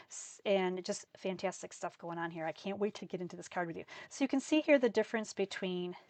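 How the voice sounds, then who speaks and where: A woman's voice: fairly low pitch, no echo. A woman teaching a live card-making class, chatty and enthusiastic as she talks through each step. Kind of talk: live craft class demonstration.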